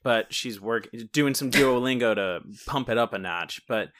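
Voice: medium pitch, normal speed, a bit bright. A podcast co-host casually recapping a movie, with lots of "like" and casual swearing. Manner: casual swearing, filler-heavy retelling. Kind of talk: casual movie discussion chat.

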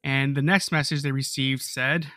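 A man's voice: mid-range voice, steady tone, normal speed, bright, forceful tone, no echo, studio quality. Casual male podcast storyteller. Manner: casual, uses fillers like "you know" and "dude".

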